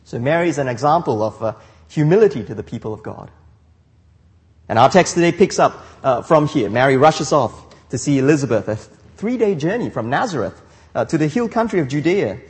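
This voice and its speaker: A man's voice: a little high, expressive, brisk, darkish tone, long reverb tail. A man preaching a sermon as a pastor, with frequent restarts and rhetorical questions.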